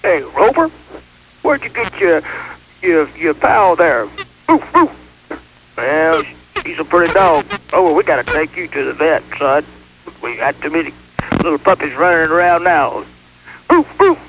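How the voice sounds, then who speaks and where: Man playing a goofy, high-voiced dog-talker who barks; lively, bouncing pitch. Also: moderate pace, background noise. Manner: sing-song, yelping woofs.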